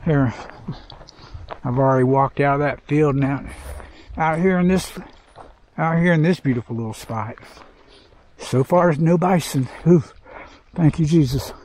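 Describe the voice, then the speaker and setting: A man's voice: on the high side, unhurried, long pauses, darkish tone, a little hiss or hum. An older man vlogging outdoors on a hiking trail, talking in a heartfelt, rambling way and trying to hold back tears. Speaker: hiker vlogger. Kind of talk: reflective trail vlog.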